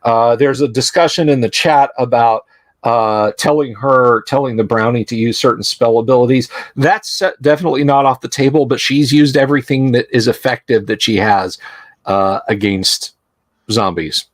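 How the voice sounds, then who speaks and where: A man's voice: mid-range voice, steady tone, moderate pace. A man hosting a livestream as game master, talking in a chatty, loose way with lots of fillers. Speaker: game master and stream host. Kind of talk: live-streamed tabletop game narration.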